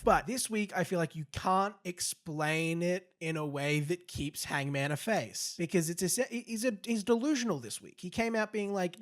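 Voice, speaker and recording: A man's voice: high voice, lively intonation, moderate pace, hardly any pauses. A man co-hosting a casual wrestling podcast who talks animatedly, laughs often and slips into mocking impressions. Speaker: podcast co-host.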